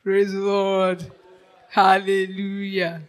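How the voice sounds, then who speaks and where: A preacher giving a lively sermon, dropping to a hush and then rising to shouts, laughing often and checking in with the congregation. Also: medium pitch, moderate pace, rough recording. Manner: animated, swings from hushed to shouting, laughs often; keeps checking in with the audience.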